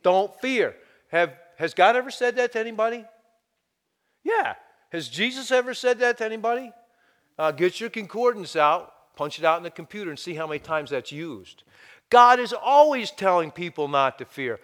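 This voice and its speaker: A man preaching a sermon, firing rhetorical questions at his listeners and dropping to a hushed voice now and then. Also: sits high, moderate pace, long reverb tail. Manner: animated preaching, rhetorical questions, sudden drops to hushed tones. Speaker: pastor.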